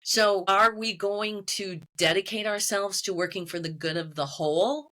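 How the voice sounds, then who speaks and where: A woman being interviewed as a medium and author, telling her story in lively detail and acting out the voices of the people she quotes. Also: medium pitch, moderate pace. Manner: animated storytelling, quoting voices. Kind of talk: conversational interview.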